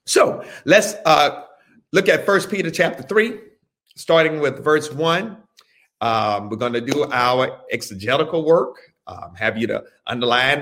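A man teaching a Bible study as a pastor, speaking deliberately, repeating phrases and telling listeners what to underline and circle. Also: mid-range voice, a bit bright. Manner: slow, deliberate, repeats phrases and gives instructions.

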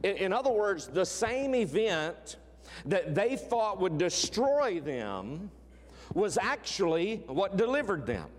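A man preaching a sermon, emphatic, repeating words and dropping from loud declarations to hushed lines. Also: high voice, big pitch swings, slow, long reverb tail. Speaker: pastor.

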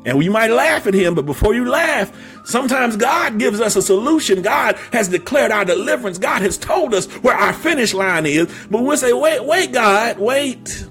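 High-voiced preacher building to shouts. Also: male voice, sing-song, normal speed, faint music behind. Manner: emphatic, repetitive, builds to shouting; humorous storytelling with stammered restarts. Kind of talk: sermon.

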